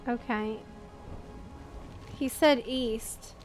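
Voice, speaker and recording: Playing a video game on stream, a woman chats casually and reacts with a lot of expression, coming across as talkative and easily moved. Her voice sits fairly high and she speaks extremely slowly, with soft music in the background.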